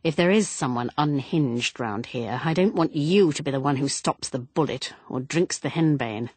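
A woman's voice: low voice, huge pitch swings, measured pace, creaky, husky, dry recording, full character voice. A woman reading Lance, a pressing young husband. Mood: coaxing. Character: protective young husband, brisk and urgent. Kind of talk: audiobook character reading.

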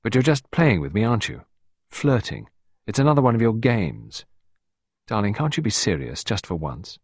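A man's voice: lowish voice, sing-song, normal speed, husky, no room sound, clean studio sound, pitched above the performer's own voice, heavily acted. A man reading an audiobook, voicing an earnest, lovesick young man who talks eagerly and a bit petulantly. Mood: pleading.

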